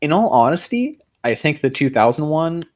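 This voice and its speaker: A man's voice: on the high side, very animated, normal speed, darkish tone. A young man co-hosting a podcast, talking in a casual, rambling way, full of fillers, restarts and offhand swearing. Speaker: podcast co-host. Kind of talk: casual chat.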